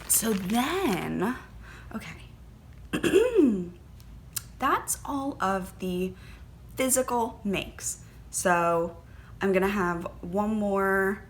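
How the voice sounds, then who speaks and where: A woman chats casually on her knitting podcast, gushing about her finds with lots of ums and small gasps of delight. Her voice sits a little low for a woman. A faint hiss of background noise sits under the recording. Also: fairly bright tone. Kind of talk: casual chat.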